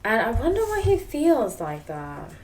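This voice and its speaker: A woman's voice: a little high, huge pitch swings, a little slow, darkish tone. A woman with a South African English accent, a tarot reader talking casually and rambling, with frequent laughter. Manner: chatty, rambling, laughs often. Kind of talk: casual tarot reading monologue.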